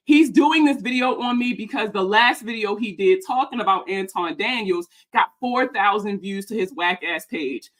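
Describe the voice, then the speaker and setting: A woman who makes personal finance videos, ranting in a heated, profane, sarcastic way as she reacts to a video about her. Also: medium pitch. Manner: profane, heated, fast-talking; sarcastic and mocking. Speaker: personal finance content creator.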